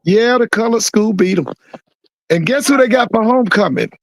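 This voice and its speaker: A man's voice: high voice, expressive, normal speed, no echo, rough recording. A man co-hosting a casual sports podcast, laid-back and playful, repeating himself as he goes. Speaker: podcast co-host.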